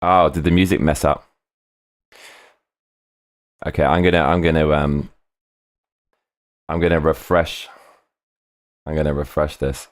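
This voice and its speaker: Low-voiced man streaming live. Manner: excitable, swears often, repeats himself. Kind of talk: casual live-stream chat, reading comments.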